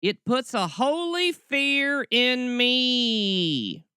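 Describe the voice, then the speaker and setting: A man putting on a slow, sing-song Southern accent to mock a doom-preaching woman prophet. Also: very high-pitched, very animated, sharp tone, smooth, dry recording, studio quality, pitched above the performer's own voice, heavily acted. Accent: Southern US (put on).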